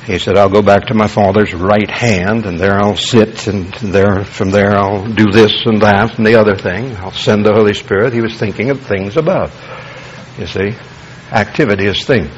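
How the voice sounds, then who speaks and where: A man's voice: lowish voice, steady tone, moderate pace. A man preaching a verse-by-verse Bible sermon as a pastor, folksy and emphatic, often checking in with "you see" and "all right". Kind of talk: expository Bible-teaching sermon. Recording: dull lo-fi sermon tape, faint hiss.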